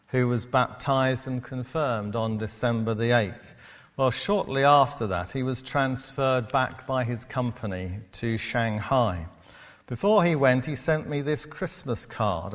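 A man preaching a sermon to his congregation in a church, measured and steady. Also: mid-range voice. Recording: long hall reverb.

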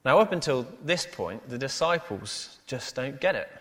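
A male pastor preaches a sermon in a plain, mid-pitched voice. He pads his phrases with "uh" and turns to the listeners with tag questions. His words ring out with a long reverb in a church hall. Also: expressive, moderate pace, a bit bright. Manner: frequent "uh" fillers, rhetorical tag questions.

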